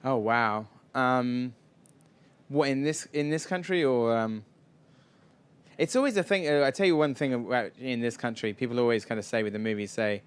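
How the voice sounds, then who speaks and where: A man's voice: medium pitch, moderate pace, smooth. A man answering audience questions at a live event, chatty and rambling, often self-deprecating. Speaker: filmmaker guest.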